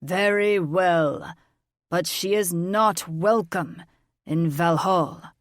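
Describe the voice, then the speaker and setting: A woman voicing a blustering, hot-tempered male dragon king in an audiobook, gruff and domineering. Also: on the low side, slow, no room sound, studio quality. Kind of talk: audiobook character voice.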